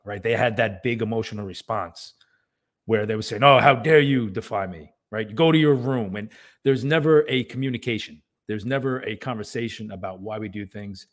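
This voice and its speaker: A man co-hosting a podcast talks in an earnest, emphatic way. His voice sits a little low, and he keeps tossing in "right?" to check that the listener is with him. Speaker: podcast co-host. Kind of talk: casual podcast chat.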